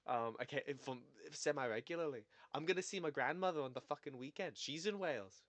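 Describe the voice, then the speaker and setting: A man's voice: on the high side, fast, a bit bright, no echo. A young man chatting casually on a stream while editing video. He rambles, cuts himself off, and swears now and then.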